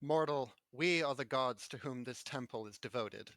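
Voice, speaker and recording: A bold female adventurer makes grand, bluffing declarations that she is a god, as a man plays her. The voice is soft and sounds close to the mic in a dry space. It is a tabletop game role, delivered in an everyday voice. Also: medium pitch, moderate pace, no room sound, close to an everyday voice.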